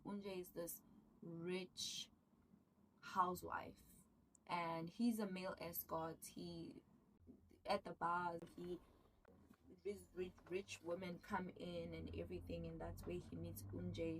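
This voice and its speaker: Woman excitedly retelling a drama plot, bit far from the mic, faint background hum. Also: medium pitch. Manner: animated, excitable storytelling, acts out characters' lines. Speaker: show recapper. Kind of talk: casual recap of a drama series.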